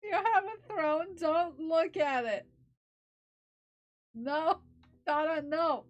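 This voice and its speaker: Playful high-voiced woman streamer. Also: very slow, long pauses. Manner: playful, laughing, scolding chat. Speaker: livestreamer. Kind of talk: casual live-stream chat.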